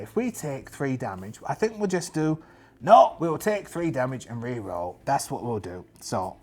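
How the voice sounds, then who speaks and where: A man's voice: medium pitch, a little mellow, breathy edge. A man narrating a solo tabletop game in character, chatty and jokey, talking to himself as he rolls dice. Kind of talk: in-character actual-play narration.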